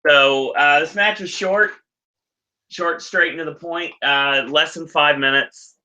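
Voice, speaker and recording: Here the wrestling-recap podcast host speaks a little high and unhurried, with a sharp tone, and the highs are cut off. He's a man chatting casually, rambling, laughing readily and fixing his own words mid-thought.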